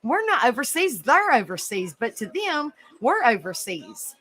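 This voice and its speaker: Bright, giggly woman chatting. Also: fairly high pitch, very animated, a little slow, slightly rough, low-quality recording. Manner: chatty, giggly, rambling with many fillers. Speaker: host of an open panel. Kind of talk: casual chat.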